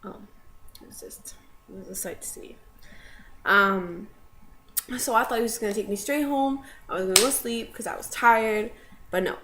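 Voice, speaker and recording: A woman's voice: mid-range voice, normal speed, pauses often, pushed and bright, a little hiss or hum. Young woman rambling through a story. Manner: rambling, filler-heavy, with tearful laughing bursts in quotes. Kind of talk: casual storytelling vlog.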